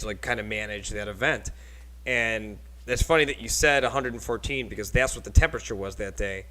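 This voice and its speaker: A podcast host with a mid-range voice and sharp tone tells rambling stories in a casual, chatty show, laughing often. The audio quality is poor.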